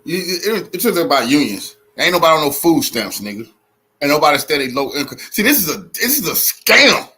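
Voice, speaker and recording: Male commentator, husky and bright-toned, profane outraged reaction rant. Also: a little high, big pitch swings, fast. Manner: blunt, profane, repetitive, outraged.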